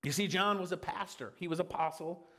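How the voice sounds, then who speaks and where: A man's voice: sits high, brisk, bright, forceful tone. A man preaching a sermon in a conversational way, with frequent fillers and restarts.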